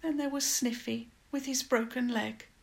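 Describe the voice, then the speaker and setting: A woman's voice: moderate pace, a bit bright. A woman voicing a lonely, brave young girl in a Tudor castle, in a children's storybook reading. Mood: tearful. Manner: high, urgent, tearful and far-off toned.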